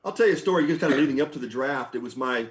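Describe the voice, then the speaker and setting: A middle-aged man, a former baseball pitcher, telling stories on a podcast in a relaxed, chatty way. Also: racing. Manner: relaxed, anecdotal, frequent restarts and laughs. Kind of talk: conversational storytelling.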